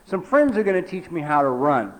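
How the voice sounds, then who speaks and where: A man in his forties telling a personal recovery story at a meeting, talking conversationally with lots of "you know" and dropping low and quiet for emphasis. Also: very animated, a little fast, poor audio. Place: meeting hall.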